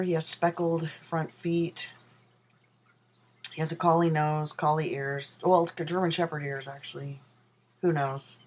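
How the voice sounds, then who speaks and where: A man's voice: on the high side, slight background noise, poor audio. A transgender man chatting in a casual video diary from his apartment, rambling with many ums and self-corrections. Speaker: vlogger. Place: own apartment.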